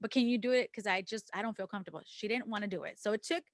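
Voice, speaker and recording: A woman co-hosting a casual podcast, speaking candidly and with feeling as she tells a personal story. She acts out the dialogue of others, drops the occasional swear word, and sits in a mid-range pitch. The recording is dry and close, with no room sound. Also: rapid-fire, no room sound. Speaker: podcast co-host.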